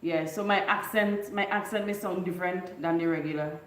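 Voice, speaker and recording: A woman's voice: fairly low pitch, fairly even intonation, brisk, echoey room, slight background noise, poor audio. Caribbean woman with a mixed island accent. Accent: Vincentian with Trinidadian and Grenadian traces. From Bequia, St Vincent and the Grenadines. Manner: laughs often, teaches local dialect phrases. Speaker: livestream host. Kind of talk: casual live chat with viewers.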